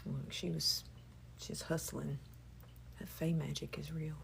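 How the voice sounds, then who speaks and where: Soft-spoken woman healer, lowish voice. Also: a little slow, gravelly, a little hiss or hum. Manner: shifts between hushed whispering and lively chat. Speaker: Reiki healer. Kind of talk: spiritual healing session.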